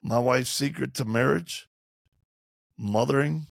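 A man with a very gravelly, husky voice tells candid stories as an interview guest, lively and humorous. He slips into other voices for the people he quotes. The sound is close and dry. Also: medium pitch, slow, dry recording. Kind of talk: animated storytelling in conversation.

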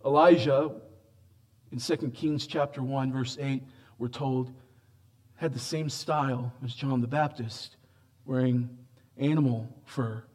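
This expository sermon comes from a man speaking emphatically, alternating raised, loud lines with quiet asides in a low voice. His intonation stays fairly even, though he slows almost to a crawl on quoted words.

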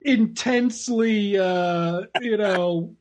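Man, high voice, laid-back, hesitant, casual comics chat. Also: drawn-out words, a crowd in the background. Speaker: podcast co-host.

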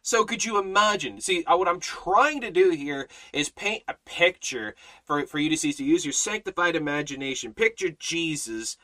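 Guy preaching a bible study, bright forceful voice, kinda high, repeats himself a lot. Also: animated, normal speed, few pauses, rough recording. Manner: emphatic, repeats phrases, many restarts. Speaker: Bible teacher. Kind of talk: sermon-style Bible study.

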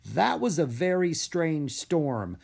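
A man's voice: a little high, big pitch swings, takes it slowly, gravelly, darkish tone, breathy edge, pitched above the performer's own voice, heavily acted. A man playing a kindly old wizard. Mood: encouraging.

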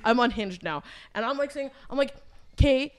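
A woman co-hosting a podcast tells a story in loose, casual chat. She is loud and animated, and she swears freely. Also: fairly high pitch, fairly quick. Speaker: podcast co-host.

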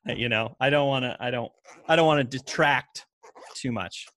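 A man's voice: medium pitch, moderate pace, fairly bright tone, no echo. Giggly man with a dry, close sound. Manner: giggly, laughs often. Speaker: podcast co-host. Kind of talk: casual product-review chat.

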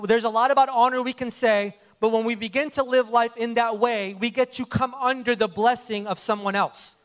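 A man's voice: extremely high pitch, fairly even intonation, moderate pace, a bit bright, clear, resonant tone. A man pastor giving an earnest introduction to a guest preacher in church. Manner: earnest, exhorting the congregation. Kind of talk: sermon introduction.

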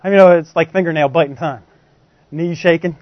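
A man with a high, bright-pitched voice delivers a sermon, talking to his congregation like a friend and peppering it with rhetorical questions. The recording is dry and somewhat dull, with little room sound. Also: fairly even intonation, fast, dry recording. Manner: conversational, poses frequent rhetorical questions to the congregation. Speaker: preacher.

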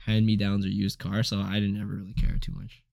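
A young man co-hosting a casual podcast chat, telling stories in an animated way, full of fillers and swearing freely. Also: on the low side, fast, creaky, no echo, studio quality. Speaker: co-host.

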